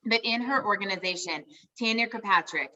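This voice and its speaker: An upbeat woman hosts a team call, gushing about her guest with a bright, forceful voice. She sounds a little away from the mic, and the audio is dull and lo-fi as if it came over a video call. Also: medium pitch, fairly quick, distant mic. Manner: gushing, upbeat, says "you guys" often. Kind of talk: enthusiastic team call introduction.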